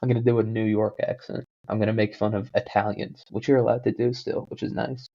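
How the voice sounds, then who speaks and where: Man, podcast host, rambling, joking, self-deprecating, low voice, dull lo-fi mic. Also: flat delivery, brisk, warm tone, no echo. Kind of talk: rambling casual storytelling.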